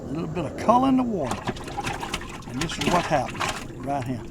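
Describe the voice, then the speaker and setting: An older man with a Southern drawl talks on a boat in the open air, with steady outdoor noise clear behind him. His voice sits a bit high for a man, and he rambles in a folksy, chatty way, breaking into excited cries. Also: a little fast. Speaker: fishing vlogger. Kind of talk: casual talk to camera while fishing. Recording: outdoor background noise on a lake.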